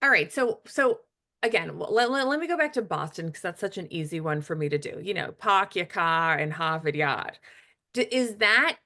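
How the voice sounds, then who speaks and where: A woman's voice: medium pitch, lively intonation, bright, forceful tone. Curious woman host firing questions. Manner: curious, rapid stacked questions with restarts. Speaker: interview host. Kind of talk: casual interview questions.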